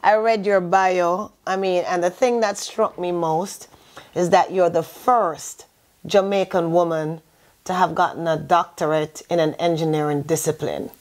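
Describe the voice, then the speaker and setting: A woman's voice: lowish voice, steady tone, unhurried, a little mellow. A woman hosting a talk show who interviews her guest in an upbeat, effusive way.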